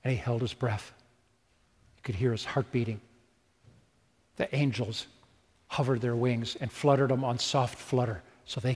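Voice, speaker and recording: A man's voice: mid-range voice, fairly even intonation, unhurried, long pauses, a little mellow, slightly rough, big-room sound. A male preacher telling a story vividly in a sermon, often asking rhetorical questions.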